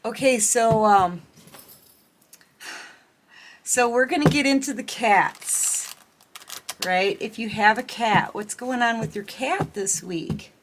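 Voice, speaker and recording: A woman's voice: fairly high pitch, slow pace, pauses often, background noise. A woman giving a casual tarot reading, chatting and giggling as she talks straight to her viewers. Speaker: tarot reader.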